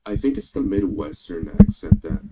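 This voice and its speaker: A man in casual livestream chat who speaks haltingly, in hesitant fragments. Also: low-pitched, very noisy. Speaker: co-host on a livestream.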